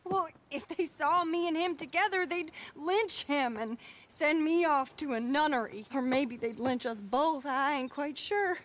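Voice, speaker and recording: A woman's voice: sits high, a little slow, hardly any pauses. An actress playing an earnest, emotional young woman in a video game cutscene. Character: earnest young woman in love, fleeing her family. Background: loud game music.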